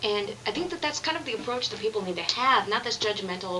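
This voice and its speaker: A woman's voice: medium pitch, expressive, quick pace, bright, forceful tone, slight background noise, rough recording. A young woman vlogging, telling a personal story in a candid, earnest, rambling way with many restarts. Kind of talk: confessional vlog monologue.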